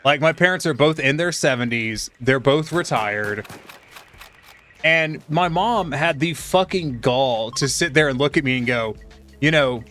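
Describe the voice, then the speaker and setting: Middle-aged male streamer, profane venting to chat, soft game music underneath. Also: mid-range voice, expressive, a little slow. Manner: ranting, heavy swearing; chatty, talks to viewers. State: undergoing chemo. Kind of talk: casual gaming stream chat.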